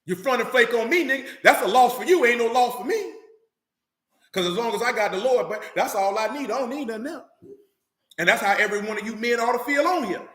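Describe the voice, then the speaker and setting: A man's voice: very high voice, expressive, fairly quick, a bit bright, roomy sound. A man preaching a fiery sermon in blunt, profane street talk, hammering his points with repeated lines.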